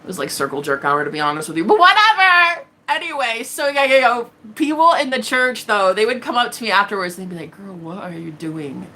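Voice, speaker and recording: Bright-voiced, defiant woman. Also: fairly high pitch, big pitch swings, quick pace, hardly any pauses, a little hiss or hum. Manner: blunt, profane and defiant, tells stories with quoted voices. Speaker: tarot reader and livestream host. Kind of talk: casual livestream monologue.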